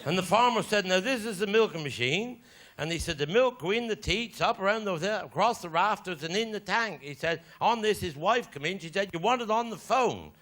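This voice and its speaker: Bawdy Cornish comedian, lively high voice. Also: male voice, fairly quick. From Cornwall, England. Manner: bawdy rural yarn-spinning with heckler put-downs. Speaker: stand-up comedian. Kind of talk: live stand-up storytelling. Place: theatre stage before a live audience. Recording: live show with loud audience laughter and noise.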